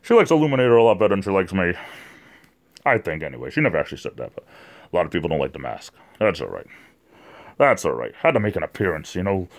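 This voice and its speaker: Speaking quickly in a low voice with big swings in pitch, a New England man runs a relaxed livestream. His talk is rambling and chatty, full of fillers and repeated words, and he calls out chat viewers by name.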